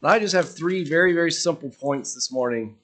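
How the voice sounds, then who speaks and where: A man delivers a sermon in an earnest, questioning way, letting his voice fall softly at the end of phrases. He speaks briskly at a fairly high pitch.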